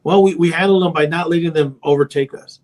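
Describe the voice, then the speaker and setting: Brief: male therapist guest, slightly high voice, loose chatty storyteller, fillers everywhere. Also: steady tone, fast talker, a little mellow. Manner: rambling storyteller, heavy on filler phrases. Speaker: therapist and parent coach. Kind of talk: casual podcast conversation.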